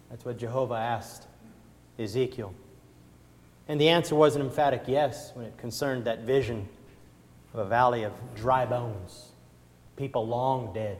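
A man preaching a sermon, moving between soft pleading and loud, emphatic passages as he calls listeners forward. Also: mid-range voice, a little slow, long pauses. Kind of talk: sermon with invitation. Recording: long reverb of a church hall.

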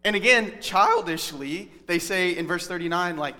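Male pastor, 30s, sermon: conversational and earnest, bright, slightly high voice, long hall reverb. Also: animated, normal speed. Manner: conversational, earnest Bible teaching.

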